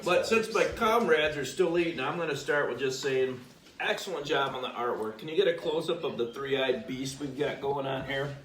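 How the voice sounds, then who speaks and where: A man's voice: medium pitch, normal speed, fairly bright tone. A man judges a home baking show, easygoing and jokey as he scores the entries. His voice sounds roomy and a little far from the mic, with faint noise underneath. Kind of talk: casual judging chat. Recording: echoey room, distant mic, faint noise.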